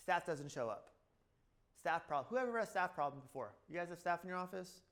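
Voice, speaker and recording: A middle-aged man with a slightly high, somewhat bright voice speaks briskly and expressively at a chiropractic seminar, giving a casual talk to the room. His offhand clinic stories shift between narration and performed quotes, filled with "blah, blah."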